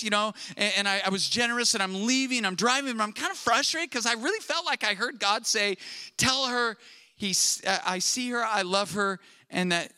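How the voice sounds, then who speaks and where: A middle-aged pastor delivers a sermon in a bright, forward voice that sits a little high for a man. He tells his story with animation and acts out the conversations as he goes. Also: smooth, dry recording. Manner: animated storytelling, acting out dialogue.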